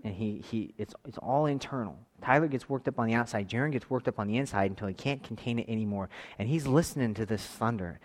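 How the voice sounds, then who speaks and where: In a large hall, a father in his thirties tells a casual story about church camp, rambling and animated. He restarts often and quickly, slipping into lively voiced quotes, all at an ordinary middle pitch.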